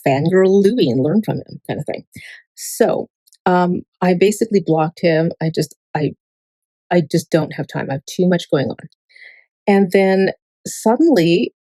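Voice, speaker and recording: Woman vlogger, lowish mellow voice, dry close sound, rambling, filler-heavy, profane. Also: no room sound, low-quality recording. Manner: swears freely. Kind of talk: casual rambling monologue.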